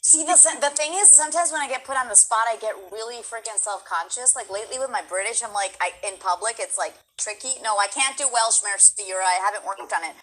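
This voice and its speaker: A woman's voice: fairly high pitch, quick pace, few pauses, fairly bright tone, rough recording. A woman interviewing a guest from home, gushing with praise and swearing casually.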